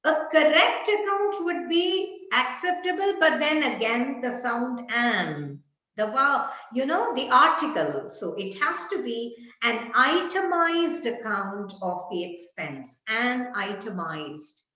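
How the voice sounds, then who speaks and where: A woman's voice: fairly high pitch, animated, slow pace, sharp tone. A woman teaching an online lesson. She poses questions to the class and answers them herself. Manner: quizzes herself and answers firmly. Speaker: English teacher. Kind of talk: online lecture. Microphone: video call. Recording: echoey room, dull lo-fi call audio.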